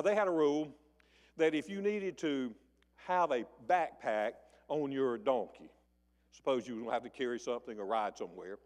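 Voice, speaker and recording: A man preaching a sermon, telling the story in a folksy way and acting out the voices of the people in it. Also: in a large hall. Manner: folksy storytelling, acting out voices with big swings in pitch and volume. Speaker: pastor. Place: church sanctuary.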